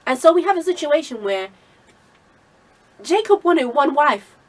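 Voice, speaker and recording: Fairly high-voiced woman preaching casually. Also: sing-song, measured pace, a little mellow, distant mic, rough recording. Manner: conversational storytelling with many asides. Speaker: Christian vlogger sharing a Bible message. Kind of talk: informal Bible teaching.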